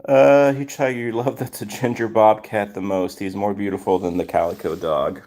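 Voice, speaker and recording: A man's voice: lowish voice, fairly even intonation, normal speed, a little mellow. A man hosting a casual livestream, greeting viewers by name and answering chat questions. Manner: reads chat names aloud and greets viewers. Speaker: livestream host.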